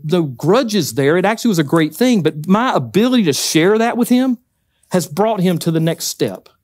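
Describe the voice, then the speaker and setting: With a Southern US accent and a voice on the high side, this man delivers a conversational sermon as a guest speaker in a church hall. He's folksy and emphatic, tossing in joking asides, and the recording has no echo.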